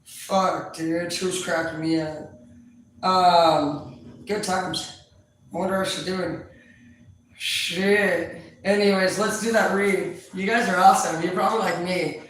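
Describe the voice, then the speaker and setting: A woman tarot reader chatting casually to her viewers, rambling, loud and full of swearing. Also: lowish voice, takes it slowly. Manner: profane, loud, animated storyteller. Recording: echoey room, distant mic, faint noise.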